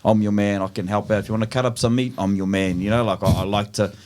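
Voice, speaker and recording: A man's voice: on the low side, steady tone, fast talker, a little mellow. A man telling rambling, laughing anecdotes in casual podcast chat, calling everyone "bro". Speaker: podcast guest.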